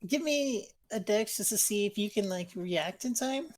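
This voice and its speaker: A woman narrating as game master in a relaxed, casual way. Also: medium pitch, moderate pace.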